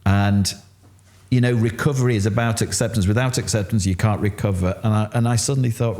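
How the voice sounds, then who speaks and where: A middle-aged man with a Yorkshire accent, telling his story candidly in an interview and acting out what others said. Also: fairly quick. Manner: animated, acts out quotes with rising pitch. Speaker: interview guest.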